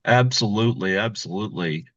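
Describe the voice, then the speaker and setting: A man's voice: lowish voice, brisk, fairly bright tone, no echo. A man hosting a podcast interview, easygoing, with lots of fillers like "um" and "you know.". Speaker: podcast host. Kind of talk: casual interview chat. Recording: dull, dry lo-fi sound.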